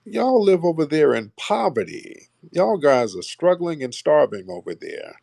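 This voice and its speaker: A man's voice: on the high side, sing-song, unhurried, creaky, mellow, no room sound. A man hosting a call-in show, blunt and mocking toward callers, often repeating himself. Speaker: host taking callers. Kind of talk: combative call-in talk.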